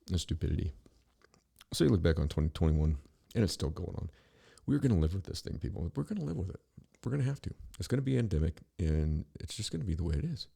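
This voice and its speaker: A man's voice: low voice, very animated, fast, creaky, dark tone, husky. A middle-aged man hosting a podcast, ranting in a rambling, profane, sarcastic monologue full of restarts. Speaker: podcast host.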